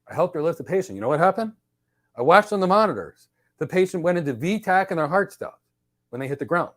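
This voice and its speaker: A man hosting a podcast, giving casual career advice and telling lively stories that he acts out in dialogue. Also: mid-range voice. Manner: energetic storyteller who acts out dialogue. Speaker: podcast host.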